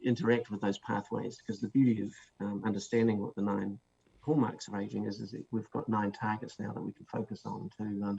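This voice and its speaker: A man's voice: fairly low pitch, creaky, a little mellow. A man with a New Zealand accent, a guest author explaining his ideas with many fillers and restarts. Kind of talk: interview answers. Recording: dull lo-fi sound with faint noise.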